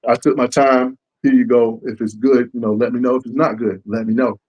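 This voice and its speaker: A man's voice: mid-range voice, fairly quick, lo-fi sound. A man, a comic book creator talking in a casual interview and acting out what fans say to him. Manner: animated, acts out fans' lines.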